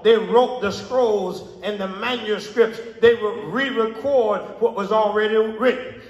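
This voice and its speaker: A middle-aged man preaching to his church, his voice sitting very high for a man. He swings between quiet asides and sudden loud peaks. The sound rings around a large church hall with a long reverb tail. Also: creaky. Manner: emphatic, call-and-response preaching cadence with sudden loud peaks. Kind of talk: sermon. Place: church sanctuary.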